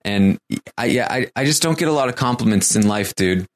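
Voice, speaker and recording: A man voicing a tearful grown man who pours out heartfelt thanks in a rushed, halting way. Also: medium pitch, lively intonation, close to an everyday voice. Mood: tearful, grateful.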